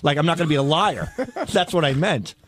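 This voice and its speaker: A man's voice: fairly high pitch, fairly quick. A man in casual studio banter, defensive and rambling, laughing often as he explains himself. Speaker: regular show staffer.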